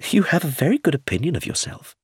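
A restless young woman with a lifted, swooping voice, as a male narrator puts her on. The tone is husky and dry, close to the mic. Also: a little high, sing-song, quick pace, no echo, voice pushed up, full character voice. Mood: anxious.

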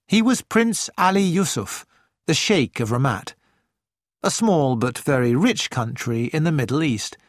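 Male audiobook narrator, slow and deliberate, dry close mic. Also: on the high side, animated, no echo. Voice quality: measured, deliberate. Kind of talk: scripted narration.

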